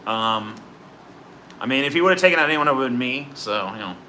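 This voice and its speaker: A man's voice: medium pitch, animated, brisk, bright, forceful tone, slight background noise. A man streaming live, chatting in a profane, sarcastic, rambling way as he answers his chat. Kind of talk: casual livestream chat.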